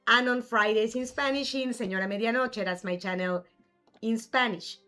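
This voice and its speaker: A woman's voice: fairly high pitch, normal speed, bright, forceful tone, soft background music. A woman hosting a live gaming stream, casually chatting and answering her viewers' chat messages. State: has the hiccups. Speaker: livestream gamer host.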